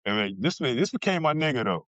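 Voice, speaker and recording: A man's voice: medium pitch, very animated, fairly quick, fairly bright tone, no room sound, lo-fi sound. A man from New Jersey telling a blunt, profane story as a podcast guest and acting out other people's lines. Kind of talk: casual storytelling.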